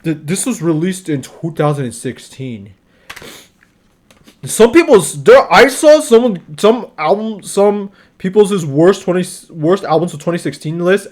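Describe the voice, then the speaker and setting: A man's voice: sits high, expressive, normal speed, darkish tone. A young man giving a casual album review, exasperated and rambling, full of restarts and swearing.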